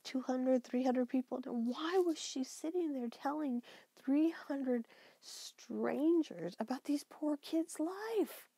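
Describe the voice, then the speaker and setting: A woman vlogger ranting in exasperated commentary, with a gravelly, husky voice. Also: a little high, warm tone, no echo. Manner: exasperated, venting.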